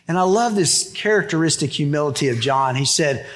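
A man's voice: fairly high pitch, big pitch swings, fairly quick, few pauses. A middle-aged man, a pastor preaching a sermon in a conversational way and acting out the quotes.

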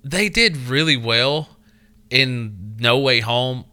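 Podcast guy with a really sharp voice, bouncy pitch, cusses a lot and acts out what people said. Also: lively intonation, slow pace, clean tone. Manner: profane storyteller, acts out quotes. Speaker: podcast co-host. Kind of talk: casual chat.

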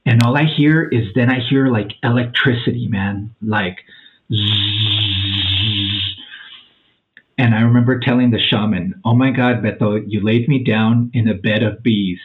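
A man's voice: medium pitch, moderate pace, hardly any pauses. Forties male guest: chatty, acts out every quote, drops "dude" often; tinny phone-quality audio. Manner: animated storyteller, acts out quotes, says "man" and "dude" a lot. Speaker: podcast guest. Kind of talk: casual storytelling.

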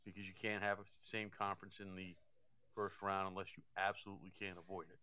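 Male hockey analyst: low, smooth, dry-miked, thinks out loud with lots of restarts. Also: level tone, fast talker. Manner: thinks aloud, repeats words. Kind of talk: casual sports talk.

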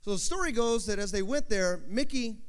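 High-voiced man preaching, animated storyteller. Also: a little fast, smooth. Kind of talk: sermon. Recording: long hall reverb.

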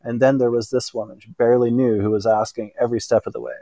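Mellow male narrator reading an erotic story. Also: mid-range voice, level tone, dry recording, dull audio. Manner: unhurried reading with small slips and self-corrections.

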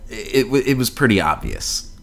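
A man's voice: fairly low pitch, huge pitch swings, normal speed, gravelly. A man co-hosting a podcast in casual chat, blunt and profane, with plenty of fillers. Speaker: podcast co-host.

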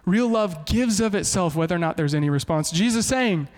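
Brief: pastor in his thirties, high voice, lively humorous preaching. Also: brisk. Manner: animated, humorous storytelling. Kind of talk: sermon.

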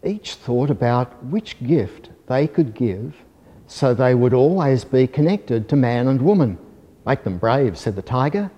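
A man reading a children's story aloud in a gentle, measured, soft-spoken way. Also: medium pitch, animated, lo-fi sound. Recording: long hall reverb.

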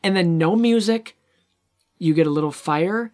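His voice is high with a darkish tone, at normal speed, as he discusses a movie casually. The man relives scenes with animation, voicing the characters' lines himself.

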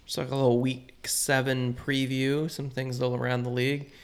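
Gravelly man running a sports chat. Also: mid-range voice, level tone, normal speed. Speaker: podcast co-host leading the sports segment.

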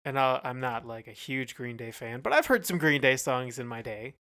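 A man's voice: medium pitch, animated, normal speed, sharp tone. A man from California with a Californian accent, co-hosting a casual music review chat with hesitant, dry humor. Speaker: podcast co-host.

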